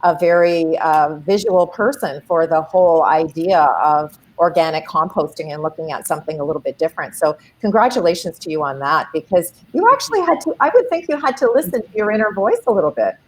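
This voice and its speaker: A woman's voice: fairly low pitch, lively intonation, fairly quick, hardly any pauses, poor audio. A woman hosting an interview over a video call, encouraging her guest with frequent affirmations. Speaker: host.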